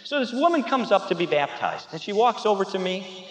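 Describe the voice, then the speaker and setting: High-voiced man preaching in an echoey hall. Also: sing-song, brisk. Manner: emphatic, builds through repetition to loud peaks; storytelling, with laughs and asides to the audience. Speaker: pastor. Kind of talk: sermon. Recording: echoey hall with long reverb.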